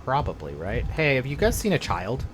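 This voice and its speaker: A woman chats casually and self-deprecatingly over a game. Her voice is strikingly low for a woman and moves a lot in pitch. The talk is loose and unscripted. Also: huge pitch swings, normal speed, a little hiss or hum. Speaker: let's play host. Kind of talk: casual gameplay commentary.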